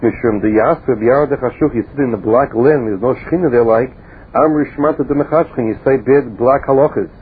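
A man with a husky, slightly rough voice gives a Talmud lecture. He reads each phrase of the text and then explains it plainly in English. The sound is thin and tinny, as if heard through a phone line. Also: medium pitch, quick pace. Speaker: Talmud teacher.

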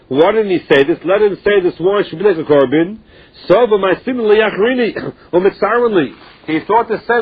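A man's voice: high-pitched, breathy edge. A man teaching a Talmud lesson, reading the text in a study chant and explaining it in English. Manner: mixes Aramaic and Hebrew terms into English, explaining in a chanting study rhythm. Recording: dull lo-fi recording.

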